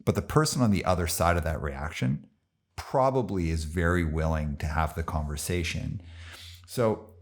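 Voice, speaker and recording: A man hosting a podcast interview, talking animatedly and mimicking imagined listeners. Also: sits low. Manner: animated, fast bursts, mimics imagined voices. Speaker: podcast host. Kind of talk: conversational interview.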